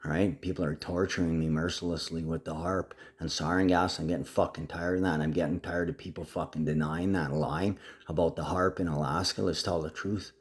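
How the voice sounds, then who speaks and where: A man's voice: low voice, flat delivery, fairly quick, few pauses. A man recording a rambling, profane video message to his family. He is agitated, jumps between topics and keeps slipping into a mock Aussie twang.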